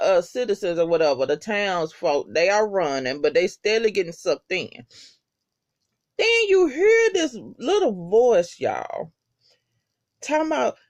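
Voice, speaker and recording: Animated, swearing TV episode recapper. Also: mid-range voice. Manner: animated, heavy swearing, slangy. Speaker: TV episode reviewer. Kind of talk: casual profane episode recap.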